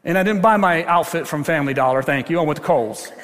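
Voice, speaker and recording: A man's voice: fairly high pitch, fast talker, fairly bright tone, close to an everyday voice. A man doing a boastful, defensive churchgoer. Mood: self-satisfied. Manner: boastful, hesitant. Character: self-satisfied male churchgoer, defensive. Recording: long church hall reverb.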